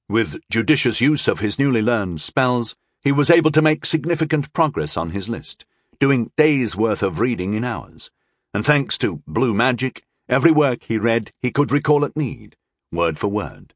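A man narrating an audiobook in a measured, expressive way, on a close studio mic. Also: medium pitch, no room sound. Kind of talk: scripted fantasy narration.

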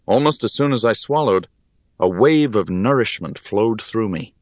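A man narrating a first-person fantasy audiobook in a calm, measured storytelling manner. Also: fairly low pitch, dry recording, studio quality.

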